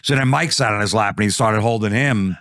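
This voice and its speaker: A man's voice: lowish voice, brisk, a bit bright, no echo, studio quality. A man telling a profane comic story, acting out the quotes. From New Jersey. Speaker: comedian guest.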